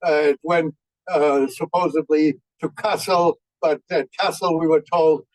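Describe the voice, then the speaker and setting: Halting old man telling war stories. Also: fairly high pitch, fairly even intonation, no echo, rough recording. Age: 90s. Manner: folksy, halting with many fillers. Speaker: veteran speaker. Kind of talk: anecdotal war storytelling.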